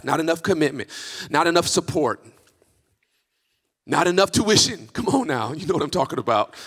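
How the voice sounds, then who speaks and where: Impassioned male pastor, high bright voice. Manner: impassioned, emphatic preaching that rises to near-shouts. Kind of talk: sermon. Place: church sanctuary. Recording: reverberant church hall.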